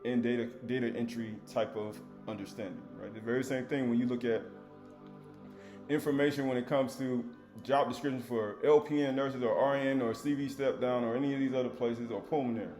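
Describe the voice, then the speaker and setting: A man's voice: medium pitch, darkish tone, reverberant. A man preaching a Sabbath sermon in a loose, conversational way, rising to emphatic readings of scripture.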